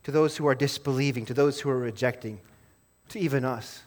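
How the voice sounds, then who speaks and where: A man preaching a sermon as pastor, earnest, rising to emphatic stress and then dropping low and soft. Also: brisk.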